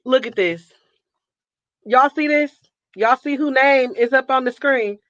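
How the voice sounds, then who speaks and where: This upbeat livestream host from Northern California reads out her viewers' locations and pumps them up with nicknames and call-outs. She speaks at a measured pace in a high-pitched, slightly bright voice; the audio has no room sound and its highs are cut off.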